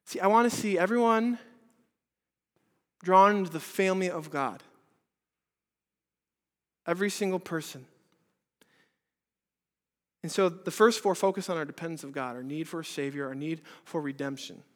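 A pastor preaching an earnest sermon at a church service, asking many rhetorical questions and moving between loud and hushed delivery. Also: male voice, fairly high pitch, normal speed, long pauses. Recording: reverberant hall.

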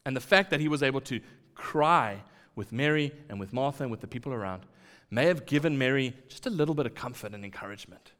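A man delivers a sermon in a hall with a long reverb tail. His pitch sits mid-range, and he acts out quoted lines and drops into hushed asides. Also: animated, fast talker. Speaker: preacher.

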